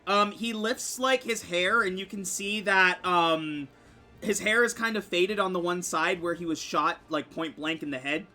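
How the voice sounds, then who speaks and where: A man's voice: high-pitched, a little slow, bright, forceful tone, faint music behind. A man narrating a tabletop game as game master, rambling with lots of "um" and "like.". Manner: rambling with many fillers.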